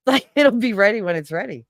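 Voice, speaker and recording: A woman's voice: mid-range voice, lively intonation, moderate pace, dry recording, clean studio sound. A woman hosting a casual stream, telling stories playfully and acting out quoted voices. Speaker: streamer host. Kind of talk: casual chat.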